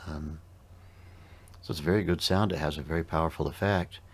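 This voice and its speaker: A man teaching about meditation, explaining at a measured, unhurried pace. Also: very deep voice, steady tone, slightly rough.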